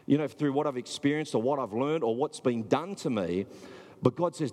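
A man's voice: medium pitch, lively intonation, normal speed, a little mellow, big-room sound. A man preaching a sermon in a loose, conversational way, with filler words and restarts. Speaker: pastor.

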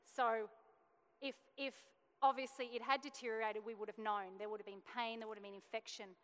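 A woman's voice: a little high, flat delivery, a little fast. A woman in her thirties giving a testimony sermon, telling a family story earnestly and acting out the dialogue. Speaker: church speaker sharing testimony. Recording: long hall reverb.

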